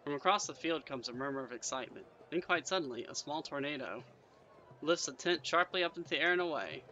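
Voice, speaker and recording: A man's voice: fairly high pitch, expressive, quick pace, pushed and bright, rough recording. A man reading a fantasy gamebook aloud, narrating in second person with chatty asides. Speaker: gamebook player and reader.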